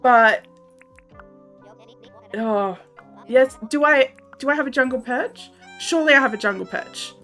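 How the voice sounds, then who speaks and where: A woman's voice: high voice, unhurried, pauses often, fairly bright tone, faint music behind. A young Australian woman chatting casually with her viewers while gaming on a livestream, laughing often and reading out chat messages. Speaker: streamer.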